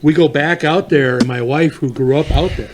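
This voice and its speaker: A man's voice: on the high side, moderate pace, a little hiss or hum. A man with a Boston accent co-hosting a podcast, chatting casually in a rambling, profane way that trails off and restarts. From New England. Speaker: podcast co-host. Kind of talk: casual chat.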